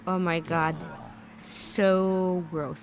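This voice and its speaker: A woman co-hosting a livestream in casual chat, reading chat and exclaiming softly. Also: lowish voice, flat delivery, extremely slow, slight background noise.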